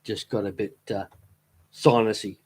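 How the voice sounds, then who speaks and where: A man's voice: on the low side, steady tone, measured pace, husky. A man chatting casually on a live stream, rambling fondly and laughing easily. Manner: rambling, fond and easily amused. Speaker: streamer talking to chat.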